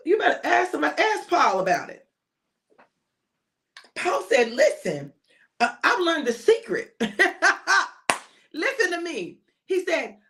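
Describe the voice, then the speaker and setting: A woman's voice: high voice, a bit bright. An older woman preaching an informal sermon, emphatic and repetitive, often calling out to her listeners.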